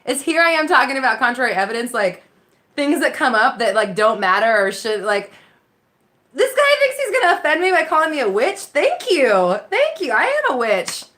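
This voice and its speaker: A woman hosting a live Q&A stream, talking casually into her phone. Her voice is bright and forceful, and it swings up and down a lot. She laughs often and swears freely as she reacts to comments. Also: sits high, big pitch swings, normal speed. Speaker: live Q&A host, mindset coach.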